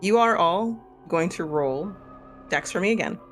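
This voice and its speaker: Faint music plays behind a game master narrating a tabletop horror game, a man with a Missouri accent who wanders casually through his telling. He speaks at a measured pace in a high, animated voice with a touch of brightness.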